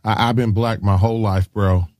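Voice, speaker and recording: A man hosting a Christian call-in radio show, talking in an enthusiastic, encouraging way and pitching to listeners. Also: steady tone, normal speed, darkish tone, no room sound, studio quality.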